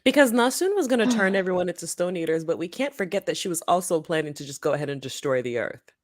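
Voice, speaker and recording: Brief: woman, 30s, podcast co-host, deep voice, dry close sound, easy laugh, thinking-aloud ums. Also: expressive, no echo. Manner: laughs easily, pauses with ums while thinking. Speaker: book club podcast co-host. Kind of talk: casual chat.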